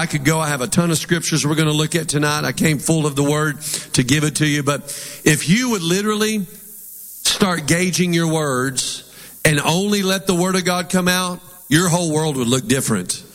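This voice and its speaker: A man's voice: a little high, normal speed, a bit bright, big-room sound. A man preaching a sermon as pastor, with emphatic delivery and call-and-response lines for the congregation.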